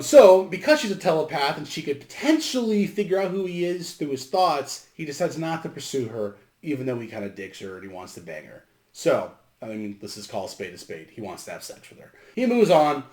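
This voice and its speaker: A man's voice: on the high side, a little mellow. A man hosting a casual movie review, recapping the plot in a sarcastic, rambling, profane way. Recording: roomy echo.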